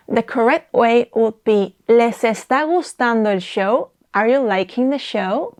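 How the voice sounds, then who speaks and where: A woman from Spain with a Spanish accent, a native speaker teaching grammar by slowly repeating and explaining example sentences. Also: a little high, darkish tone. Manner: slow careful repetition of examples. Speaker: language teacher. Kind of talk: explaining language points.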